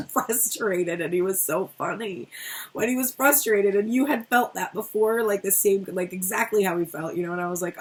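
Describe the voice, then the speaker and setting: A middle-aged woman talks through a tarot reading in a loose, rambling way, swearing casually. Her voice is husky and a little breathy, sitting at an ordinary middle pitch. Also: moderate pace. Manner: chatty, swears freely, rambling asides. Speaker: tarot reader.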